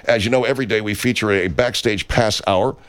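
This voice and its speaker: A man's voice: on the low side, a little fast, clear, resonant tone, no echo. A man hosting a comedic radio talk show with wry, exasperated banter.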